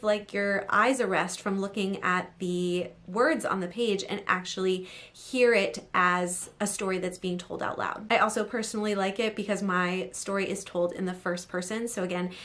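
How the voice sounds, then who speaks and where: Woman, chatty novelist-host, casual upbeat tutorial delivery, mid-pitched. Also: fairly bright tone. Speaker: novelist showing a phone app. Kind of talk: casual how-to vlog.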